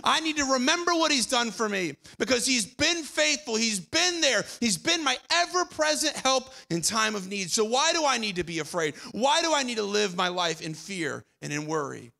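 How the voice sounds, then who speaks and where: A young man preaching a sermon as pastor, conversational, repeating phrases and dropping quiet for emphasis. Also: high voice, big pitch swings, normal speed, creaky, few pauses. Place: church auditorium.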